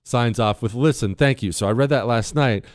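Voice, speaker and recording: A man's voice: mid-range voice, normal speed, no room sound, studio quality. A man hosting a talk radio show, joking and teasing while he reads listener emails aloud.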